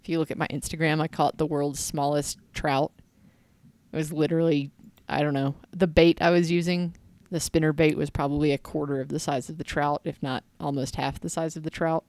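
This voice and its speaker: A woman's voice: deep voice, flat delivery, brisk, a little mellow, no echo. A woman co-hosting a casual podcast who laughs easily and tells rambling stories. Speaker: podcast co-host. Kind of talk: casual chat.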